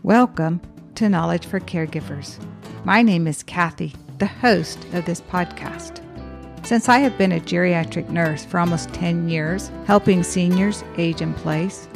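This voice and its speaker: A woman who is a geriatric nurse hosting a podcast, telling stories from her work in a calm, earnest, explanatory way. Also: lowish voice, measured pace, gravelly, over music. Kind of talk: storytelling podcast monologue.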